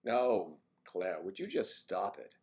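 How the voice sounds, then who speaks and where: Reading viewers' names and comments on his casual morning livestream, a man answers with easygoing jokes. His voice is low-pitched and a little mellow, very animated yet slow.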